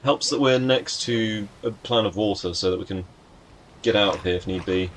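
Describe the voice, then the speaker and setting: A man's voice: fairly low pitch, a little hiss or hum. A young man chatting casually to his live chat as he streams a game, greeting viewers by name and joking around.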